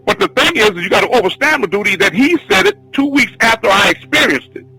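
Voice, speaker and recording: A man teaching a spiritual class, telling a long personal story in an excited, rambling, repetitive way. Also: high voice, fast talker, slightly rough, low-quality recording. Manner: excitable, repetitive, restarts often. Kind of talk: rambling spoken testimony.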